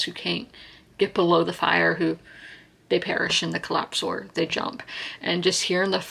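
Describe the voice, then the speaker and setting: A woman in her twenties from South Carolina talks through her reading in a casual book vlog. Her voice sits a little low and is full of vocal fry. She rambles warmly, with frequent fillers and restarts. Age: 20s. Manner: chatty, rambling, heartfelt, many fillers and restarts. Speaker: book vlogger.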